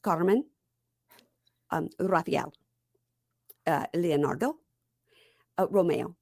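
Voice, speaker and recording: Chatty woman, low, very dry sound. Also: takes it slowly, a little mellow, no echo. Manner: chatty storyteller, quotes people in voices. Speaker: podcast host. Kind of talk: casual chat about reality TV.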